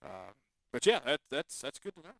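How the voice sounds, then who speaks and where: A man's voice: a little high, very animated, moderate pace, creaky, no echo, poor audio. A man hosting a radio show, chatting casually in a laid-back, teasing drawl.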